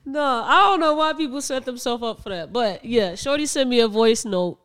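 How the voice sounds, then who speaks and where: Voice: mid-range voice, lively intonation, moderate pace, fairly bright tone, clear, resonant tone. A young adult podcast co-host in casual chat, telling stories with frequent laughs and mid-sentence restarts.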